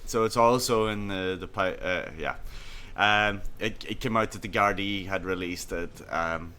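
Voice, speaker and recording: Rambling, laughing man with low voice. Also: measured pace, bright, forceful tone, smooth. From Ireland. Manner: rambling, laughing storyteller who acts out quotes. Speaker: podcast co-host. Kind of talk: casual chat.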